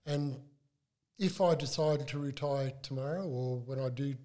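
An older Australian man chatting as an interview guest, telling stories in a halting, animated way with frequent restarts. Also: medium pitch. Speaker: club mascot performer, guest. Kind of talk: casual interview chat.

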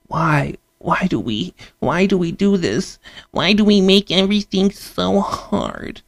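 A man putting on the voice of a whiny, exasperated person complaining, pitched higher than his own voice. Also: takes it slowly, gravelly, dry recording, full character voice.

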